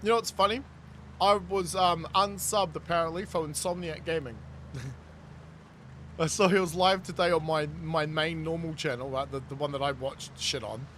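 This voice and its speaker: A New Zealander plays a game on stream, reading chat aloud in a relaxed way and riffing with plenty of laughter. His fairly high, fairly bright voice holds a steady tone at a moderate pace, with some faint hiss or hum.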